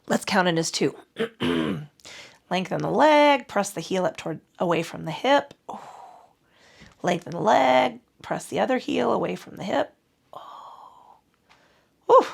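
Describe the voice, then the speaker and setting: Gravelly-voiced woman cueing pilates. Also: lowish voice. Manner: calm cueing with breath counts, chatty asides. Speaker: pilates instructor. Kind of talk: guided exercise instruction.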